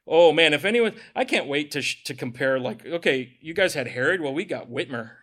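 A man's voice: fairly high pitch, expressive, a little fast, a bit bright. A man preaching a sermon as pastor, conversational and joking, with sarcastic asides.

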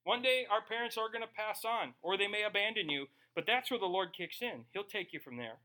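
Male pastor, sermon delivery, high bright voice, slow scripture reading and casual asides. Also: animated. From Germany. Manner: reads scripture slowly, then talks casually with asides.

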